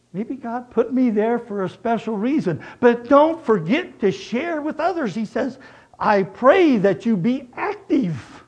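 A middle-aged man preaching a sermon, telling personal stories in an animated way and acting out both sides of conversations. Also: extremely high pitch, muffled recording.

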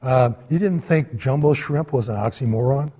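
A man teaching a church Bible study class in a conversational lecture style, pausing often on "uh" and checking in with his listeners. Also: mid-range voice, dark tone, husky. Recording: long hall reverb.

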